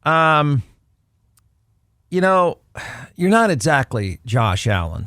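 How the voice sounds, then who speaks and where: A snarky man gives solo sports commentary, talking like he is chatting with listeners and circling back to the same point for emphasis. His voice sits a little high for a man, and the recording is dry and close with no room sound. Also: very animated, takes it slowly, fairly bright tone, no echo. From Texas. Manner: snarky, conversational, repeats himself for emphasis. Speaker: podcast host.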